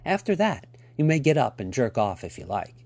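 Man putting on a stern dominant woman, cool clipped orders, lively swings in pitch, read aloud. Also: brisk. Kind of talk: reading a story aloud.

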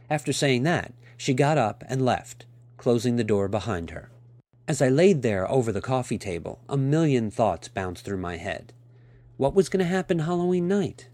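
A man reading a first-person story aloud in a steady, expressive way. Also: mid-range voice, moderate pace, dry recording. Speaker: narrator.

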